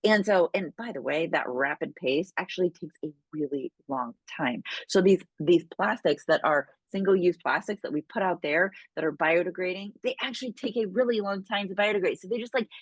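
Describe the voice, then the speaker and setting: Chatty woman with a lowish voice. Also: fairly quick, few pauses, husky, no echo. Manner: chatty, keeps tagging lines with "right?". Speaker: direct sales trainer. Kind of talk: casual training talk to a sales team.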